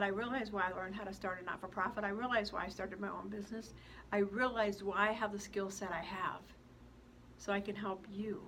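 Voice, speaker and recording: A woman's voice: medium pitch, fairly bright tone, a little hiss or hum. A woman in her sixties, an author, giving an earnest, heartfelt motivational talk straight to her viewers. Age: 60s. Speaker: author and speaker.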